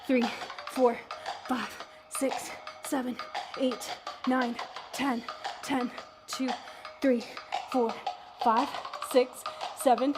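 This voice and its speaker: A woman fitness instructor guiding a workout, counting reps and calling breath cues in a steady rhythm. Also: high-pitched, extremely slow, long pauses. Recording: music playing behind the voice. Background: workout music.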